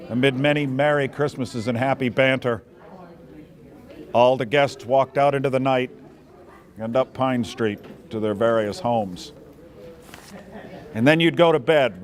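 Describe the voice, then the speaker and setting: A man reads a personal memoir aloud at a mid pitch, his storytelling fond and reminiscing. A faint murmur of people carries behind him. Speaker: memoir reader.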